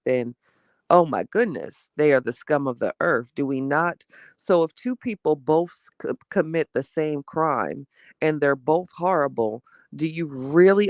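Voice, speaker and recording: A woman hosting a casual morning livestream, chatting with her viewers and reading their messages. She gets heated and animated fast and laughs between her rants. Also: sits low, no room sound, studio quality. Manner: chatty, talks straight to the audience.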